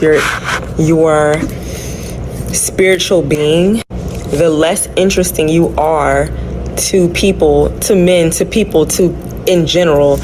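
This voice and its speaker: A woman talking reflectively about her life, pausing now and then to search for the right word. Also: low voice. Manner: thoughtful, searching for words. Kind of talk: reflective personal talk. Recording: clip with noise and traffic behind.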